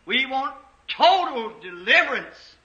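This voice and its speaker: High-pitched fervent preacher, old recording. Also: male voice, very animated, slow pace. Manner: fervent, storytelling, rising to shouts. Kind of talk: sermon. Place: church. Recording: roomy dull 1950s church recording.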